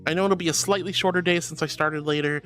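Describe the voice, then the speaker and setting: A woman's voice: low-pitched, fairly even intonation, quick pace, fairly bright tone, faint music behind. A woman streamer chatting casually with viewers and reading out their messages, bubbly and affectionate, with playful giggles. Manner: bubbly and affectionate, calls viewers sweetheart and honey; playful, with frequent giggles and squeals. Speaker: VTuber streamer.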